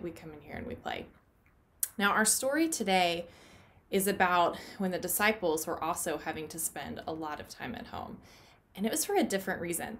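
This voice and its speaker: Woman, children's church teacher, home playroom, gentle, asks kids questions. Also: mid-range voice, slight background noise. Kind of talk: children's Bible lesson.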